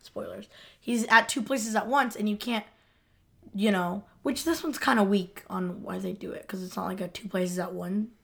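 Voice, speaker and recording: A woman's voice: mid-range voice, fairly even intonation, moderate pace, vocal fry. A woman co-hosting a podcast, casually talking through a TV plot, rambling and restarting as she thinks aloud. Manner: rambling, trails off and restarts while reasoning aloud. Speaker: podcast co-host. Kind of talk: casual chat about a TV episode.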